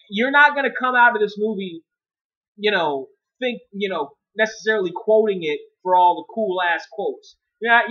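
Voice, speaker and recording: A man's voice: sits high, sharp tone, dull audio. A man giving a casual spoken movie review, profane and rambling, often restarting his sentences.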